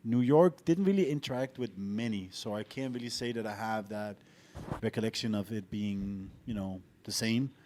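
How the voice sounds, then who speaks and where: A man's voice: fairly low pitch, normal speed, noisy background. A man co-hosting a podcast in casual chat, telling travel stories with swearing and jokes. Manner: profane, joking, animated storytelling. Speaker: podcast co-host. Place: abroad, living in Tallinn.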